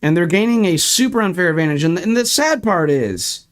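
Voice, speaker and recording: A man's voice: high-pitched, lively intonation, a little fast. A young man streaming sim racing, ranting in frustration and swearing while walking through replay footage. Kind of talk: ranting livestream commentary.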